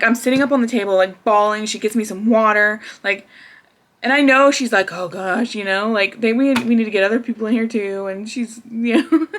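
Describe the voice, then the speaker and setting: A woman's voice: a little high, a bit bright. Chatty young woman telling a story. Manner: chatty, laughs often, many fillers. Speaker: vlogger. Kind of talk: casual storytelling.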